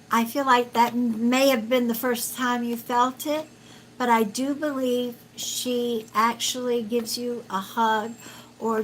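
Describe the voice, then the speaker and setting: A woman psychic reads cards for viewers on a live stream, speaking very slowly in a gentle, slightly high voice. She pauses often with fillers and calls people sweetheart. A faint hiss of room noise sits under her home recording. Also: rough recording. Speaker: psychic reader. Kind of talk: live-stream card reading.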